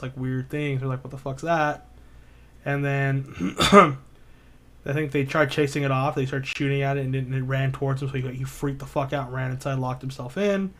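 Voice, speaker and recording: A man casually retelling a spooky story, rambling with lots of filler words and swearing. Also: medium pitch. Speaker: podcast co-host.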